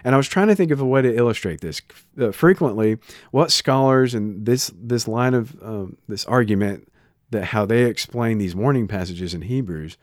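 A man preaching in a relaxed, conversational way, stopping and restarting as he tells stories. His voice sits low. The recording is dry and close to the microphone. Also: normal speed, no room sound. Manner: conversational, animated storytelling with frequent restarts. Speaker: pastor. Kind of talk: sermon.

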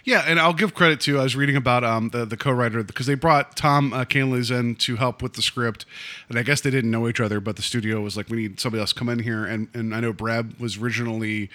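A man's voice: fairly even intonation, brisk, pushed and bright. A man co-hosting a podcast, talking about films in a loose, rambling way, with many restarts, acting out quoted lines. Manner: acts out quoted lines with raised pitch. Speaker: podcast co-host. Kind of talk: casual film discussion.

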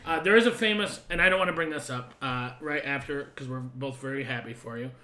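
A man's voice: mid-range voice, brisk, bright, forceful tone, echoey room. A young man co-hosting a podcast, telling crude, laughing anecdotes in casual chat and acting out the people in them. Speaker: podcast co-host.

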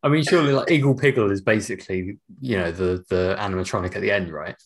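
A man's voice: fairly low pitch, fast talker. A man co-hosting a casual podcast chat, laid-back and full of "like" fillers. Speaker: podcast co-host.

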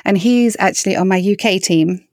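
A middle-aged English woman speaks in an earnest, storytelling way, her pitch sitting mid-range for a woman. The sound is close and dry, with no room around it. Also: moderate pace, dry recording. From England. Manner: earnest, storytelling, animated when quoting others. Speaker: worship singer and author. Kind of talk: interview answers.

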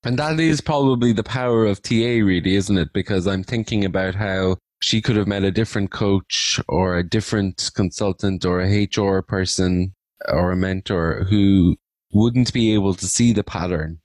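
A man's voice: deep voice, fairly even intonation, normal speed, a little mellow, no room sound. A man hosting an interview, reflecting on what his guest said and thinking aloud. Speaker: interview host. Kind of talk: conversational interview.

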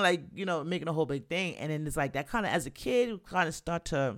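A man telling personal stories in a casual, candid monologue, lively, swearing freely and laughing often. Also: a little high, quick pace, hardly any pauses. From New York.

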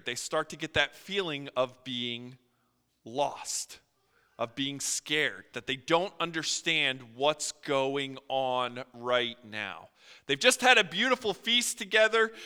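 Male preacher, high and very bright voice, smooth and resonant, earnest sermon delivery with rises and drops, reverberant church hall. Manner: earnest, voice swells and drops for emphasis.

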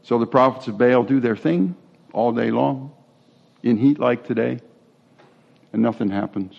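A man's voice: mid-range voice, measured pace, vocal fry, lo-fi sound. A man giving a sermon as a pastor, talking in a conversational way with asides and restarts.

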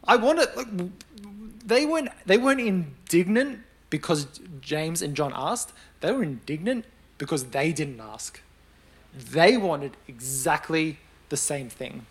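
A young man delivers a sermon in a relaxed, talkative way. His voice sits a little high for a man, and he slips into lively acted voices for the people in his stories. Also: measured pace, breathy edge. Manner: conversational, animated storytelling with acted-out quotes. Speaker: preacher.

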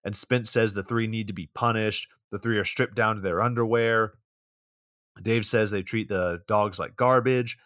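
A man's voice: fairly low pitch, fairly even intonation, moderate pace, a bit bright, dry recording, clean studio sound. A young man casually recapping a movie's plot on a podcast, rambling along with plenty of fillers. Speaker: podcast co-host.

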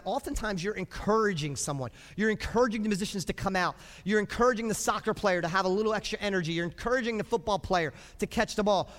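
A middle-aged man preaching a sermon as pastor, emphatic, repeating phrases and breaking into loud cheers. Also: sits high. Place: church sanctuary. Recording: long reverb of a church hall.

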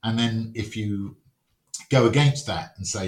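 Lowish male podcast guest, wry storyteller who acts out quotes, echoey room. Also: unhurried. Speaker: wargames rules writer, podcast guest. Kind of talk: casual podcast conversation. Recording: roomy echo.

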